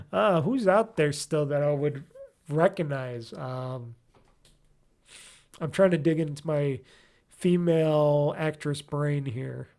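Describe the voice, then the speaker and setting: Speaking slowly with frequent pauses, a man with a highish, darkish voice rambles through a casual solo gaming podcast. He fills gaps with ums and curses while trying to remember names.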